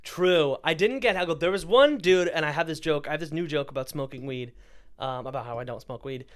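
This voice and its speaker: A young man co-hosting a podcast, telling a stand-up story in a casual, animated way, often laughing and acting out what people said. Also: a little high, fairly quick. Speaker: podcast co-host, stand-up comedian.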